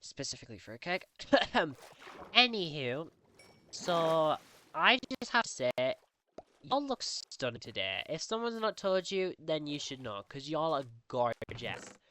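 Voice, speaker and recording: A young woman chatting casually over a game recording, rambling and acting out what others said in a higher voice. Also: very animated, a little slow, sharp tone, slight background noise. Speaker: Minecraft roleplay vlogger.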